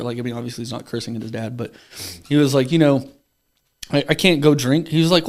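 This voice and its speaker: A man's voice: on the high side, fast. A young man hosting a podcast, chatting casually, rambling and swearing freely. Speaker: podcast host. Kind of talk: casual chat.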